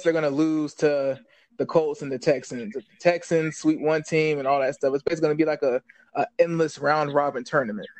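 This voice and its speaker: A man co-hosting a sports podcast, talking in a thoughtful, unhurried way with many fillers. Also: a little high, a little mellow, dry recording, low-quality recording. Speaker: podcast co-host.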